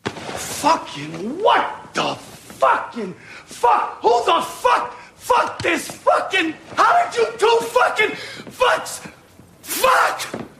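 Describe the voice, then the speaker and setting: Actor as an enraged character yelling curse after curse, very high and slow, in a big echoey hall. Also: sing-song, creaky, slight background noise, heavily acted. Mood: furious. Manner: shouting strings of curses. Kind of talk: profane film clip.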